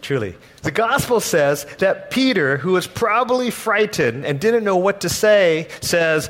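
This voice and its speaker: A man delivering a sermon as a pastor, his voice sitting a little on the higher side. He tells the story in an animated, humorous way, acting out its characters as he goes. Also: unhurried, hardly any pauses.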